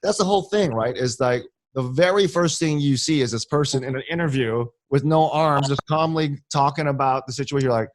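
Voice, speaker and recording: A man's voice: medium pitch, brisk, hardly any pauses, no room sound. A man from Hawaii, hosting a casual chat and rambling and teasing with many restarts. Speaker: podcast host.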